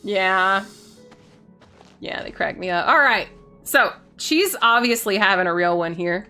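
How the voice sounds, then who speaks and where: A woman's voice: medium pitch, a little slow, bright, forceful tone, smooth, soft background music. A woman streaming a video game, chatting playfully and a bit silly with her viewers as she plays. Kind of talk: casual gaming stream chat.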